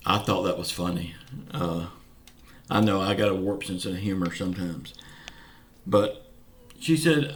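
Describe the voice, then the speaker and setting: A man's voice: low-pitched, a little slow. A man with a Southern US accent, from Florida, hosting a casual video update in a folksy, earnest way; some of his words come out slurred. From Pensacola, Florida, US. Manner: folksy, earnest, keeps saying y'all. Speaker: channel host. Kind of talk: casual direct-to-camera update.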